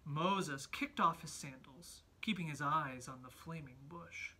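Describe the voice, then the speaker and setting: Woman, 30s, home Sunday school teacher; husky, soft-spoken, patient with children. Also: deep voice, expressive, slow pace. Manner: gentle, encouraging, talks to children. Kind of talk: home Sunday school lesson and storybook reading. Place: family home.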